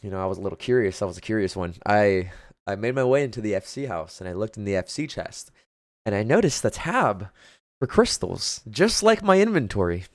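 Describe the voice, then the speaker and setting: A man tells a sheepish gaming confession in casual chat, his pitch swinging widely as he rambles, restarts and builds to the good part. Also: a little fast. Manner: rambling, lively, stumbles and restarts.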